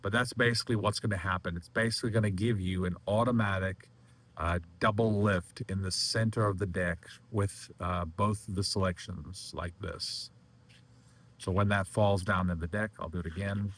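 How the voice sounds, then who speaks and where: A man teaching a magic trick in a casual demonstration, talking in halting bursts with many restarts while he handles the cards. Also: sits low, fairly even intonation, a bit bright. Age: adult. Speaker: magic instructor.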